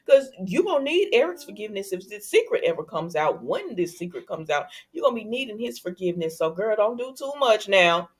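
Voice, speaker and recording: A woman's voice: mid-range voice, big pitch swings, fairly quick, few pauses, husky. A woman recapping a soap opera episode in casual chat, sassy and talking straight to her viewers.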